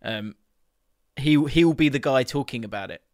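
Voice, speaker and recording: A middle-aged man with a London accent chats about football in a relaxed, self-mocking way, often laughing at himself. His voice sits at an ordinary middle pitch. The recording is dry and close, with no room sound. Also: normal speed, no room sound. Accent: London English. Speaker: podcast co-host. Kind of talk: casual football chat.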